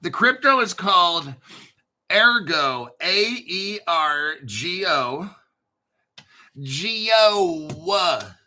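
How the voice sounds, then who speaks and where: A man's voice: sits high, big pitch swings, very slow, pushed and bright. A man hosting a crypto channel, rambling casually with profanity, jokes and self-mockery. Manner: profane, joking, self-mocking and digressive.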